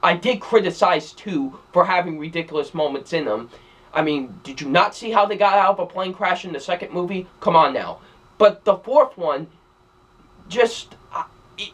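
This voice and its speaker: A man's voice: a little high, fairly quick. A young man giving a casual spoken film review, rambling with many fillers and repeated phrases. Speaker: movie reviewer.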